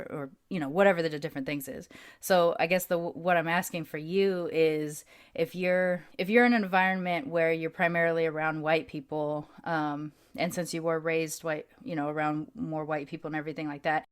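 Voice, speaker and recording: A woman hosting a podcast, asking long, thoughtful questions padded with fillers. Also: deep voice. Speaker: podcast host. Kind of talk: casual interview chat.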